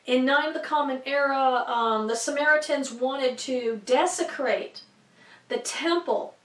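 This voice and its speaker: High-voiced lady rambling through a bible lesson, lots of ums, roomy echo, sounds a bit off-mic. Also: a little slow, a bit bright. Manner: rambling, chatty, many fillers and asides. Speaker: Bible teacher. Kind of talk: casual teaching to camera. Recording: echoey room, distant from mic.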